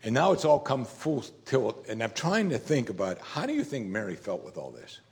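A man's voice: medium pitch, huge pitch swings, moderate pace, vocal fry. A man preaching a sermon as pastor, talking in a conversational, emphatic way and often saying "you see".

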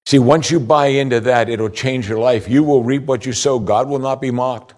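A man delivering a sermon from the pulpit in an earnest preaching manner. He poses rhetorical questions to his listeners, lifting his voice to stress a point and slowing down on the lines that matter. His pitch sits in an ordinary middle range for a man. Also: a little mellow. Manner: rises in pitch for emphasis, slows for key points. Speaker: pastor.

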